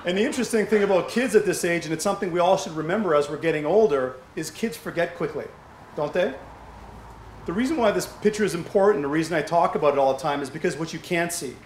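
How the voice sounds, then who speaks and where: A man's voice: on the high side, fast talker. A middle-aged man speaking conversationally to a fundraiser audience, telling stories and asking rhetorical questions. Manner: anecdotal, asks rhetorical questions. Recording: echoey hall with faint background hum.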